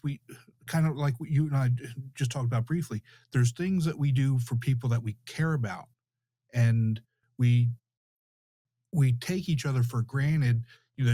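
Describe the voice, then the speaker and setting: A man hosting a podcast, talking reflectively in a halting, conversational way. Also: mid-range voice, dark tone, no echo. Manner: reflective, halting, many restarts. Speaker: podcast host. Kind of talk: conversational interview.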